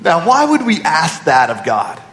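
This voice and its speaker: A man's voice: on the high side, wildly swooping pitch, a little slow, fairly bright tone. A man preaching a sermon as pastor in a large church auditorium, with repeated phrases and rhetorical questions. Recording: echoey hall from a distance.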